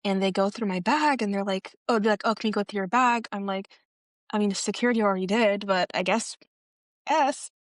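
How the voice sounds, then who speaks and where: A woman's voice: fast, no echo, clean studio sound. A young woman co-hosting a podcast, telling a long story in casual chat and acting out the people she quotes. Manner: animated, acts out quoted people with pitch jumps. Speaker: podcast co-host.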